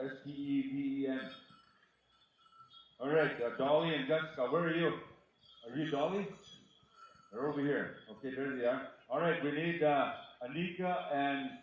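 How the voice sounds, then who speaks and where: Man, powwow announcer, joking and teasing, PA voice from far off, heavy echo, slightly dull sound. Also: fairly high pitch. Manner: joking, teasing, calls out names. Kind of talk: live event announcing on a PA. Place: outdoor powwow arbor. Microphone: PA microphone heard from far off. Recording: distant PA voice in an echoey outdoor space.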